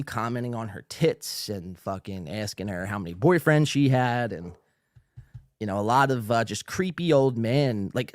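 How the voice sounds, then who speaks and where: A man's voice: medium pitch, no echo, studio quality. A man hosting a podcast, ranting casually with lots of swearing, fillers and restarts, and he is a little tipsy. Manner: rambling, profane, with frequent fillers and restarts. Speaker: podcast host.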